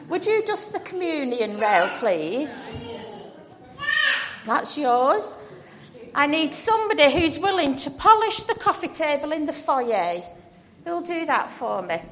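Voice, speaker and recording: A woman with a high voice leads an all-age church talk, speaking slowly and encouraging children by name. Her voice carries a long church reverb. Faint music sits underneath. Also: a bit bright. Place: church hall.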